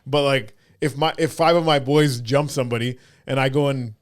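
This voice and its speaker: A man's voice: medium pitch, normal speed. A man hosting a podcast in casual chat, joking and rambling. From Canada. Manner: joking, rambling, does mock voices. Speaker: podcast host.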